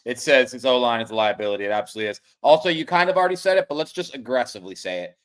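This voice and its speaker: A man's voice: mid-range voice, lively intonation, rapid-fire, few pauses. Frustrated man ranting about football. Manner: frustrated ranting, trails off quietly. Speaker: co-host of a sports betting stream. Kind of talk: casual profane sports chat.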